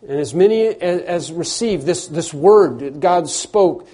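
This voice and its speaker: A man's voice: fairly high pitch, expressive, unhurried, hardly any pauses, warm tone, slightly rough. A man preaching a sermon, earnest, often repeating words as he builds to emphatic phrases.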